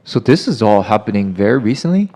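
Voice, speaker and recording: A woman co-hosting a podcast, asking quiet short questions from a little away from the mic. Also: extremely low pitch, very animated, fairly quick, soft background music. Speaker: podcast co-host. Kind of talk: brief questions and reactions.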